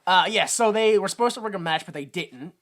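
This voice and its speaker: A man co-hosting a podcast in casual chat, recapping a film. His pitch swings widely as he jokes and rambles. He keeps tossing in fillers and restarting his sentences. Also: expressive, a little fast, a bit bright. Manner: rambling, joking, full of filler words and restarts. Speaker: podcast co-host.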